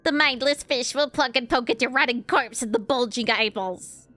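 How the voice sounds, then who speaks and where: A vengeful drowned ghost girl, voiced by a woman reading a game aloud, hissing slow curses in a raised, pointed tone. Soft game music runs behind her. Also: fairly high pitch. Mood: menacing.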